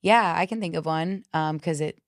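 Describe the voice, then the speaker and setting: A woman's voice: on the low side, normal speed, no echo, clean studio sound. A woman guest on a podcast talking as a coach, a frank, swearing storyteller in casual conversation. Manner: frank, profane, animated storyteller.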